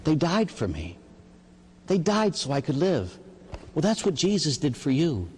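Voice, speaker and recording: A middle-aged priest from the Pittsburgh area giving a homily on confession, telling stories and acting out penitents with a rhetorical "huh?". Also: male voice, fairly high pitch, a little slow, long reverb tail, slight background noise. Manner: animated storytelling, acts out penitents and God with rhetorical "huh?".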